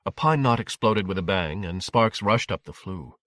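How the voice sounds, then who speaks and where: Low guy reading an audiobook, dry sound, steady. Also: moderate pace, dry recording. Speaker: narrator. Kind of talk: audiobook narration.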